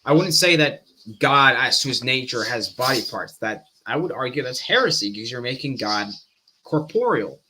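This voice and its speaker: A man hosting a stream, giving fast, animated reaction commentary and often breaking off mid-sentence. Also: mid-range voice, a little hiss or hum. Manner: fast-talking, animated, self-interrupting. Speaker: stream host.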